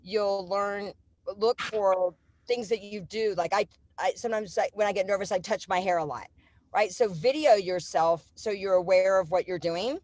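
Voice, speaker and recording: A woman panelist giving advice in a hesitant way with many pauses. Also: mid-range voice, darkish tone, no echo. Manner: hesitant, many fillers and restarts.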